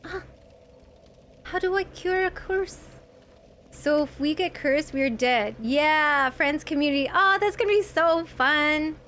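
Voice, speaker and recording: A woman with a high, light voice streams a video game live and chats to her viewers between moves. She shrieks and squeals whenever enemies jump out at her. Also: takes it slowly, fairly bright tone, a little hiss or hum. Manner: talks to viewers in chat. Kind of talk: live gameplay commentary.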